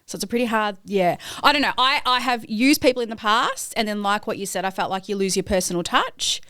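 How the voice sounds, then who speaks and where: A woman's voice: medium pitch, animated, fairly quick, pushed and bright, smooth, dry recording. Woman, midwife guest, direct, self-deprecating, casual chat, dry recording.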